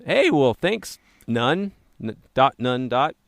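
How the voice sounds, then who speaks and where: A man's voice: mid-range voice, big pitch swings, slow, creaky, no room sound, studio quality. An American man hosting a language-learning podcast in a casual, playful way, joking through his intro and reading listener reviews. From United States. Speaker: podcast host.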